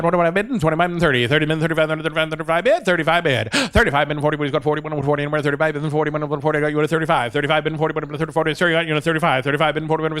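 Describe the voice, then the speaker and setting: Guy doing a scatterbrained young auctioneer, chants bids super fast and rambles off topic, voice a bit high. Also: a bit bright, natural voice. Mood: rapid chant. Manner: rapid auction chant, derails into rambling nonsense.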